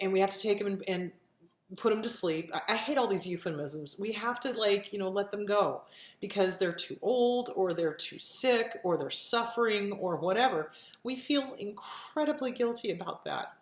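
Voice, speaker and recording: A woman's voice: mid-range voice, reverberant. A woman therapist talking frankly to camera in a casual vlog, blunt and given to swearing, emotional and close to tears.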